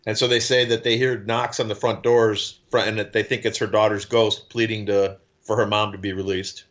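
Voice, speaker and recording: A man's voice: fairly low pitch, moderate pace, highs cut off. A man co-hosting a casual podcast chat, telling stories animatedly and acting out quotes. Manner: animated storyteller, acts out quotes. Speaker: podcast co-host.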